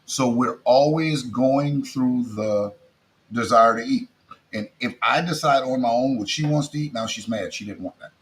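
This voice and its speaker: A middle-aged comedian from South Louisiana with a South Louisiana Creole accent, chatting in a casual interview and trailing off quietly at the ends of his lines. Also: medium pitch, moderate pace, rough recording. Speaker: comedian guest.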